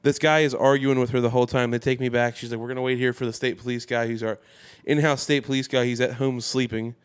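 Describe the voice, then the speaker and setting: A man with a smooth, resonant voice spins a rowdy anecdote in relaxed chat. His pitch sits in a middle range, but he throws himself into other people's lines with sudden high squeaks. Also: quick pace. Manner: animated storyteller, acts out quoted voices with big pitch jumps. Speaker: podcast guest. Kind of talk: casual storytelling chat.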